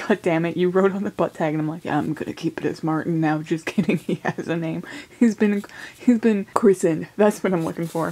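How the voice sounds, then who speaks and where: A young woman, a college student, whispering softly through a casual unboxing vlog, giggling often and swearing offhandedly. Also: lowish voice. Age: young adult.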